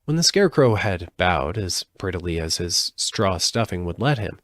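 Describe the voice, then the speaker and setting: A man reading a storybook aloud live, expressive, with occasional slips and restarts. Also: low-pitched, moderate pace, no echo. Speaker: audiobook reader.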